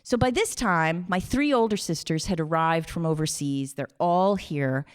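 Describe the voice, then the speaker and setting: A woman tells a personal story on stage. Her voice sits fairly low for a woman. She is animated and emotional and acts out the other people's voices. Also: normal speed, clear, resonant tone.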